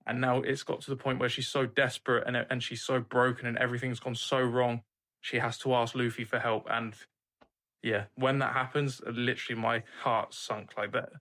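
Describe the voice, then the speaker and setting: A man's voice: medium pitch, flat delivery, normal speed, fairly bright tone. A young man hosting an anime reaction channel, recapping an episode in an earnest, emphatic casual way, swearing freely.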